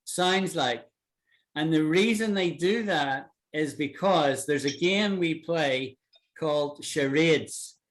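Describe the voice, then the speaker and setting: A man from Britain teaching an online English lesson, patiently repeating words to show how they sound. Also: a little high. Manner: patient, repeats words slowly to model pronunciation.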